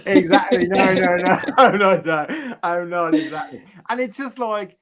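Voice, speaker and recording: A man's voice: sits high, animated, a little slow, over a noisy crowd. A man co-hosting a casual chat, blunt and direct, laughing mid-sentence. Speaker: co-host.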